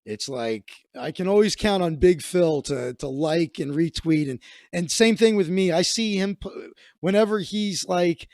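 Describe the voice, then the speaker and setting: A man's voice: sits high, measured pace, a little mellow, no room sound, studio quality. A comedian hosting a livestream, a man telling stories in casual, rambling, profane chat with many restarts.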